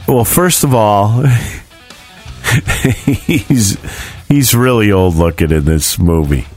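A male podcast co-host with a lowish voice, drawing his words out at a very leisurely pace. He rambles casually, and faint music hums underneath. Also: a little mellow. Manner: unhurried, rambling, laughs easily. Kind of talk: casual chat and movie recap.

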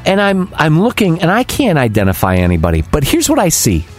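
A man's voice: a little high, brisk. A male podcast host in loose, profane chat mode, his voice leaping up and down as he recounts things. Faint music plays under him. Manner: animated, swears freely, mimics people. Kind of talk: casual profane storytelling.

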